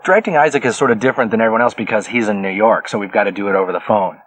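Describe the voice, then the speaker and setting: A man's voice: lowish voice, racing, poor audio. A man, the show's creator, rambling and joking in a casual documentary interview. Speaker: show creator.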